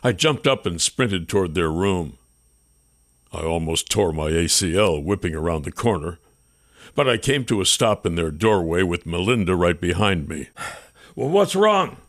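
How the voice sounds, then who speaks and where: A man narrating a first-person audiobook with expressive, tense storytelling. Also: sits low, normal speed, dry recording, studio quality.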